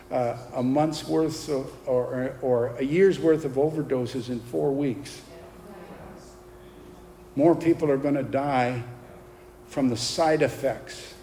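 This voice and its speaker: A man preaching a sermon with passion, pressing his points with forceful emphasis and asking the congregation for replies. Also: mid-range voice. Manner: impassioned, rising to forceful emphasis, call-and-response. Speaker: pastor. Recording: long hall reverb, faint background noise.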